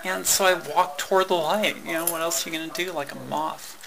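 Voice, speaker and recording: A woman telling a personal story in a halting way, with many fillers, restarts and wry laughs. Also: low-pitched, steady tone, gravelly, crowd noise, rough recording.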